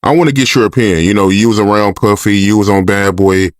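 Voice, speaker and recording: Male interviewer, casual and plain-spoken, low voice, dry sound. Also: steady tone, quick pace, no echo. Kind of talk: interview questions.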